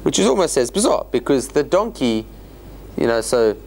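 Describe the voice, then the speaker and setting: A man teaching a Torah study class as a rabbi, explaining scripture in an animated way with joking asides. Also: mid-range voice, normal speed, creaky, a little hiss or hum. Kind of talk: informal Bible lecture.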